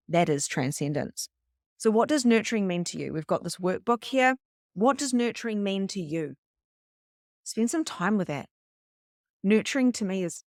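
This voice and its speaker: A middle-aged woman, a spiritual coach, teaching a live online workshop in a chatty, animated way that acts out her own panic. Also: lowish voice, no room sound, clean studio sound.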